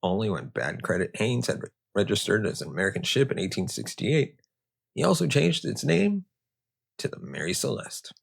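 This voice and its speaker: A man's voice: lowish voice, very animated, moderate pace, vocal fry, husky. A man hosting a history podcast, telling the story casually with sarcastic, joking asides. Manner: casual, sarcastic, riffing off-script. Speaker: podcast host.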